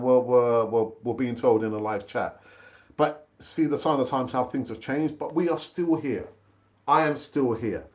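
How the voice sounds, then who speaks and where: A man's voice: on the high side, darkish tone. A man hosting a football fan live stream, chatting with viewers, calling them brother and often repeating his words. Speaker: fan channel host. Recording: dull, lo-fi stream audio.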